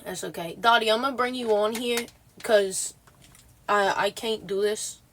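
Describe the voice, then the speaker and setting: A woman livestreaming in casual chat, sounding exhausted and talking bluntly with lots of swearing and halting restarts. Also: medium pitch, fairly bright tone, a little hiss or hum.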